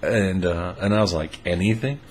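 A man casually telling a funny personal story, relaxed and amused, with frequent fillers. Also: sits low, a little slow, a little hiss or hum. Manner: laid-back and amused, lots of "uh" fillers.

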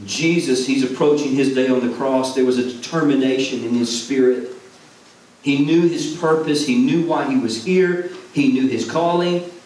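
A man's voice: medium pitch, moderate pace, a little mellow. A man preaching a sermon as a former pastor, earnest and repeating phrases for emphasis. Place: church sanctuary. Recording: echoey hall, from far off, faint noise.

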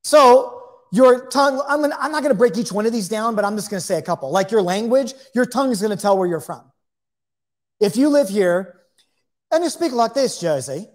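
A man's voice: high voice, expressive, a little fast. Man giving a chatty Bible lesson. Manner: conversational, with chatty asides and repeated phrases. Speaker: Bible teacher. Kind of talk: informal Bible teaching.

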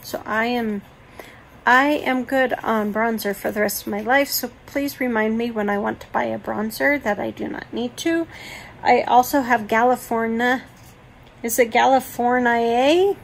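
A woman's voice: fairly high pitch, moderate pace, gravelly, slight background noise, low-quality recording. A woman beauty vlogger chatting casually and gushing while she shows off her makeup collection. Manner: chatty, gushing over products.

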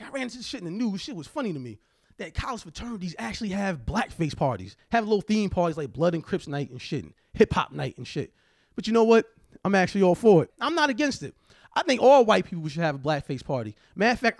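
A man's voice: a little high, no echo, clean studio sound. A young man doing a profane, brash stand-up comedy set, acting out the voices of people in his stories.

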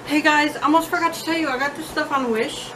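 A woman filming herself at home, telling a story-time vlog in a chatty, animated, blunt way. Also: high voice, a little fast, background noise. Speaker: vlogger. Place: at home with her cats. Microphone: own phone or camera, self-filmed.

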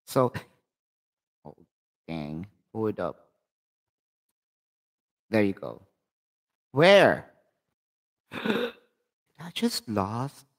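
A man's voice: lowish voice, wildly swooping pitch, very slow, long pauses. A man with a Filipino accent hosting a live tarot reading, speaking chatty and direct to his viewers. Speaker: tarot reader and channel host.

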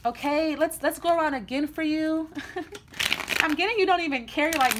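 A woman's voice: high voice, moderate pace, heavy background noise. A woman giving a casual tarot reading in a blunt, chatty way, often restarting her sentences. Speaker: tarot reader.

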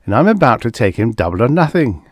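A man voicing a joking male astronaut who teases a crewmate in a deadpan way. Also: mid-range voice, quick pace, no room sound, clean studio sound, voice pushed up.

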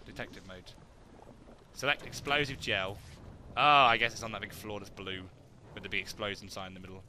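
A young man, joking and excitable as he comments on his own gameplay and talks to his viewers. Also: mid-range voice, a little fast, long pauses, slight background noise. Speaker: let's play gamer.

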